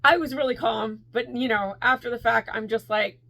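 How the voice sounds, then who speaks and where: A woman vlogging casually to camera, telling stories with quick asides, bursts of laughter and an animated delivery. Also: fairly high pitch, creaky. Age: adult with a school-age daughter. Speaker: crochet vlogger.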